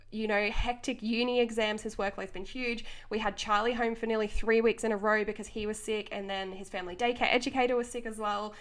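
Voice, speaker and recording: A woman's voice: fairly high pitch, fairly bright tone. Passionate woman podcast host. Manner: passionate, earnest, laughs between thoughts. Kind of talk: unscripted motivational podcast monologue.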